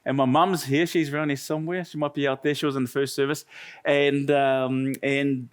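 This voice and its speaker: A man's voice: mid-range voice, level tone, normal speed, clean tone. A man with a New Zealand accent preaching a sermon, telling a humorous story with chatty asides to the congregation. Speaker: pastor.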